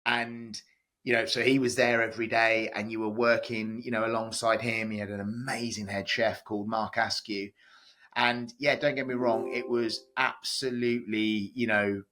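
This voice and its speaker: A chatty man tells stories as a podcast guest, his voice bright and forceful. He talks loosely, full of fillers and restarts. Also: mid-range voice. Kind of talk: casual podcast interview.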